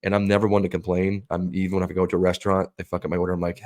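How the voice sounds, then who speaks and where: A man co-hosting a casual podcast, telling profane, animated stories and acting out the people he quotes. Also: low voice, rapid-fire, few pauses, no echo. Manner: profane, animated storytelling with put-on quoted voices. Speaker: podcast co-host.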